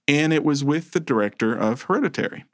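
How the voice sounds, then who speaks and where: A man co-hosting a casual podcast chat, animated and playfully over the top, making mock threats for laughs. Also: on the high side, fast talker, dry recording, clean studio sound. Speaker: podcast co-host.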